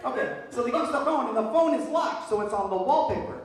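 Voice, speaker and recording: A man's voice: very high voice, fast, heavy reverb, distant mic, soft background music, rough recording. A man doing stand-up, telling stories with lots of energy and laughing through them. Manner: animated, laughing through his own stories. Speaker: stand-up comedian. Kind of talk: stand-up storytelling.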